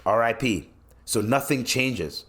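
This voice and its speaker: A man's voice: mid-range voice, lively intonation, slow pace, fairly bright tone. A man hosting his own podcast, ranting loosely and swearing freely, with lots of restarts. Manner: loose and rambling, with many restarts. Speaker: podcast host. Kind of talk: solo podcast rant.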